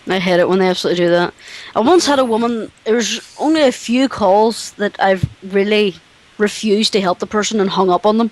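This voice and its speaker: A woman's voice: medium pitch, brisk, low-quality recording. A woman from Northern Ireland with a Northern Irish accent, telling blunt stories about working in a call center in casual chat. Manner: blunt storytelling.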